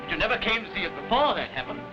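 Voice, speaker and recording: A cheerful, warm-hearted young nephew with a British accent, earnest and pleading. His voice is high and swings widely in pitch. The sound is a dull 1930s film track with music beneath. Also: big pitch swings, very fast. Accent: British English.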